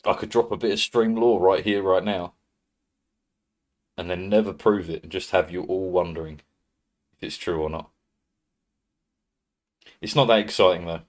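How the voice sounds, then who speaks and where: A man's voice: deep voice, fairly even intonation, moderate pace, pauses often. A British man chatting casually to his live-stream viewers, rambling, swearing freely and laughing often. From Britain. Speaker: livestreamer.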